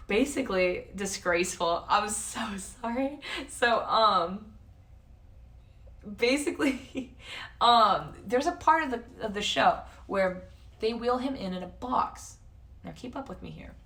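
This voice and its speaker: A woman's voice: medium pitch, bright, forceful tone, recorded from a distance. A young woman livestreamer chatting casually to her viewers, cursing a lot and saying "like" constantly, her voice wearing thin. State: losing her voice. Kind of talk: casual chat to stream chat.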